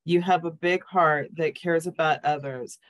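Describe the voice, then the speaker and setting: Slow, deliberate affirmation reading. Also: medium pitch, fairly even intonation. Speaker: cast member.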